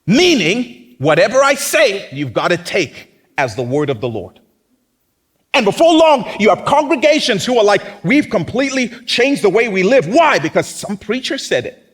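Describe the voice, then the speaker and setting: A male pastor delivers a lively sermon, his voice sitting high and swooping through a wide, animated range. He talks to the congregation in a conversational way and often slips into acted-out voices of other people. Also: moderate pace, husky. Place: church.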